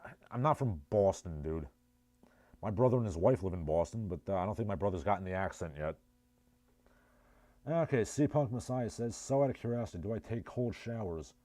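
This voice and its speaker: A man's voice: lowish voice, animated, brisk, dark tone, no room sound. A man with a New Jersey accent hosting a casual livestream, reading chat messages and riffing with sardonic, rambling asides. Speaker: livestream host.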